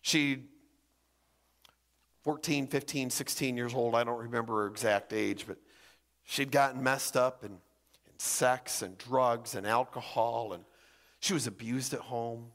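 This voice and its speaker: A man preaching a sermon as pastor, acting out voices and swinging between loud and hushed. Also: medium pitch, steady tone, measured pace, long pauses, long reverb tail.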